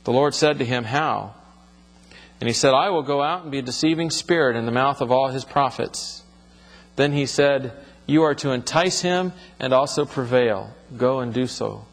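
A man's voice: medium pitch, moderate pace, long reverb tail. A man teaching from the Bible, reading passages aloud and then explaining them in plain, conversational words.

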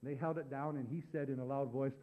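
A man preaching a sermon, telling a story in a folksy, animated way and building to loud preaching. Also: mid-range voice, brisk. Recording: dull lo-fi recording.

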